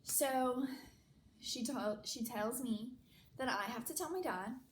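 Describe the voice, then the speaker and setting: A woman's voice: a little high, slow. A young woman telling a personal story in a chatty, casual way, full of "like" fillers. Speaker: vlogger. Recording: echoey room, faint noise.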